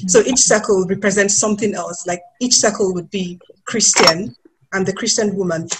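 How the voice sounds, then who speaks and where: A woman's voice: medium pitch, moderate pace, very noisy. A woman in her thirties from Nigeria with a Nigerian accent, a guest on a webinar panel who tells her story expressively with laughs, speaking over a video call. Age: 30s.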